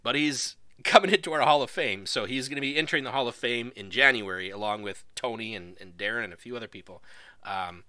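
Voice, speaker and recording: A man's voice: mid-range voice, brisk, pushed and bright, dry recording. A man hosting a live stream, casually commentating a video wrestling show, rambling and laughing as he goes.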